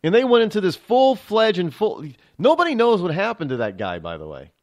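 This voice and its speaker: A man's voice: high voice, big pitch swings, fairly quick, a little mellow, muffled recording. An American man hosting a talk radio show, delivering a rambling, emphatic political monologue full of restarts and asides. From United States.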